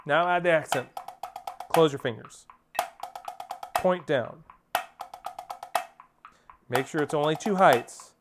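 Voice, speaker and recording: A man with a slightly high voice coaches drum rudiments, counting off and scatting rhythms with firm instructions. Loud percussion plays along under his voice. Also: normal speed, over music. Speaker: percussion teacher. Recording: spoken over loud percussion playing.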